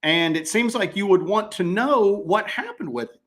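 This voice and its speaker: A man with a slightly high voice hosts a casual chat. He tells stories animatedly, repeats himself for emphasis, and slips in and out of quoted voices. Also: expressive, normal speed, a bit bright. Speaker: podcast host.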